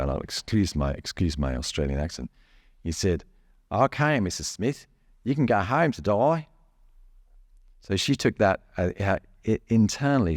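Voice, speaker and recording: A man working as a bodywork therapist, explaining gently and casually, laughing often and restarting his sentences a lot. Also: low voice, dry recording, studio quality. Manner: gentle, chuckling, halting with many restarts.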